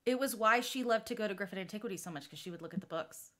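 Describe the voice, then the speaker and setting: A woman's voice: medium pitch, rapid-fire, a bit bright. A woman hosting a casual book club chat, asking trivia questions and laughing with friends. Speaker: host of a book club live stream.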